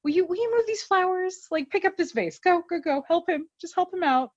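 A woman's voice: very high-pitched, animated, brisk, dry recording, muffled recording, pitched above the performer's own voice. A woman putting on a voice for a breezy male con man who orders thugs around. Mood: bossy.

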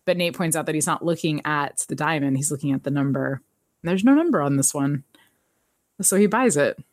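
A woman hosting a podcast, chatting casually as she recaps an episode, telling it in an animated way, laughing often and acting out the characters' lines. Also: sits low, no echo, clean studio sound. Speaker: podcast host.

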